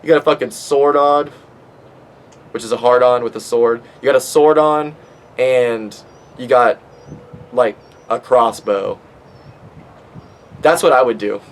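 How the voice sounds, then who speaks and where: A man's voice: medium pitch, a little slow, pauses often, low-quality recording. A man in his twenties hosting a podcast, rambling casually with lots of swearing and fillers, stoned. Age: 20s. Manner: profane, rambling, with many fillers. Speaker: podcast host.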